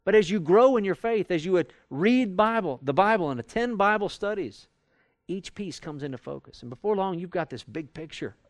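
Animated man teaching a Bible class. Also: high-pitched, normal speed, dry recording, clean studio sound. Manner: conversational, animated, acts out quoted arguments. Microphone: recorded for audio with a live class.

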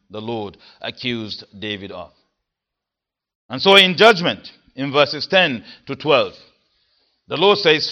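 A man preaching an expository sermon, stressing key words with force and then dropping his voice low. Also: lively intonation, measured pace, sharp tone. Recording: dull lo-fi sermon recording.

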